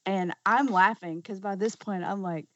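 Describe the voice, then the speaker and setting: Brisk woman storyteller, dry lo-fi mic. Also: medium pitch, fairly bright tone, no room sound. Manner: brisk narration, acts out quoted kids' lines. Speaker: podcast co-host. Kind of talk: casual storytelling. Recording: dry, dull lo-fi podcast audio.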